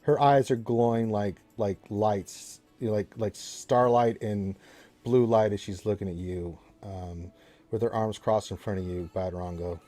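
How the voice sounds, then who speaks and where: A man narrating as game master, describing scenes in halting, rambling bursts with many fillers. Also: fairly low pitch, warm tone, soft background music.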